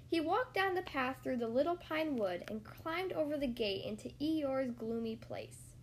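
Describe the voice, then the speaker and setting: A woman reading a children's storybook aloud in a lively, sing-song manner, doing the voices. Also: sits high, a little slow, slight background noise.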